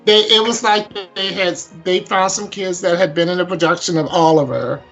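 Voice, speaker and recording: A man's voice: high voice, steady tone, moderate pace, fairly bright tone, lo-fi sound, faint music behind. A man co-hosting a podcast in casual chat, giggly and chatty, often restarting his sentences. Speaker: podcast co-host.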